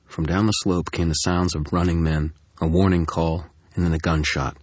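A male narrator tells a first-person story in a steady, dry manner. His voice is extremely deep with a husky grain. The recording is dry and close to the mic. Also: moderate pace, few pauses, no echo. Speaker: audiobook narrator.

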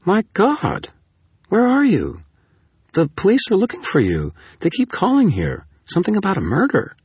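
A man's voice: high voice, huge pitch swings, a little fast, darkish tone, husky, pitched above the performer's own voice, exaggerated voice. A man voicing a tired, stressed adult woman reporter in an audiobook, asking anxious questions. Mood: alarmed. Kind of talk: audiobook character voice.

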